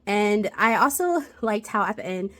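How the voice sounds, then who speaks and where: A woman's voice: mid-range voice, sing-song, normal speed, fairly bright tone. A woman giving a casual, chatty recap of a TV episode, retelling it with lots of "like" fillers. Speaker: TV rewatch reviewer.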